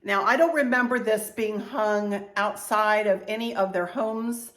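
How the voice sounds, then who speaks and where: A woman's voice: mid-range voice, steady tone, a little slow, fairly bright tone. A woman in her sixties chatting casually as she shows off purchases and family heirlooms at home, gushing about everything being cute. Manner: chatty, gushing, frequent "you know" and "cute". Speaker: home decor vlogger. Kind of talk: casual show-and-tell vlog. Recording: echoey room.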